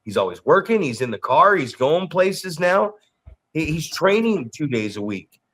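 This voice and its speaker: A man co-hosting a podcast and coaching wrestlers, telling stories in an animated way, repeating words and swearing freely. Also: fairly high pitch, normal speed. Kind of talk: casual podcast chat.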